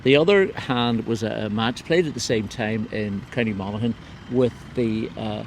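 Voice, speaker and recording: A man hosting a local news podcast, talking in a loose, relaxed way with many fillers and restarts. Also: lowish voice, normal speed, slight background noise. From Northern Ireland. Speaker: podcast host. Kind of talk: casual local news chat.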